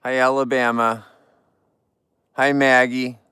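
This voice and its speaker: A man's voice: mid-range voice, level tone, takes it slowly, pushed and bright, clean tone, no echo. A man from California hosting a casual livestream, chatting and joking with viewers while trimming flowers. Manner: chatty, jokey, greets viewers. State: tired. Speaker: livestream host.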